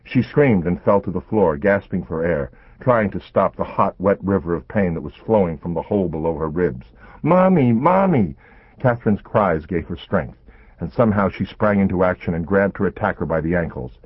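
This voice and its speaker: A man narrating a thriller audiobook in a measured, suspenseful way. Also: deep voice, slightly rough, no echo. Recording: narrow phone-like sound.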